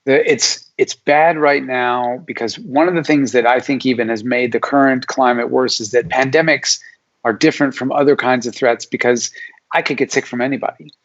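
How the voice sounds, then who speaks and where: A man's voice: mid-range voice, steady tone, normal speed, a bit bright. A middle-aged man, a psychology professor talking as a guest in a casual interview, explaining ideas and acting out what imagined people would say. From Alaska, USA. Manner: explanatory, acts out imagined people's lines in quotes. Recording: dull lo-fi audio.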